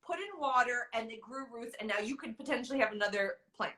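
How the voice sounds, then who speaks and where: A woman hosting a casual video-call cooking show, gushing and excitable as she reacts to her guest and to viewer comments. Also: fairly high pitch, fast talker. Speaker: host. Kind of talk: casual livestream chat.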